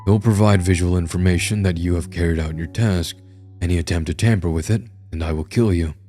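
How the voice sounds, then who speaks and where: A man's voice: sits low, steady tone, fairly quick, mellow, soft background music, natural voice. A man voicing a tall, masked male henchman who speaks curtly and with menace in a horror story. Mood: threatening. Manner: curt, threatening.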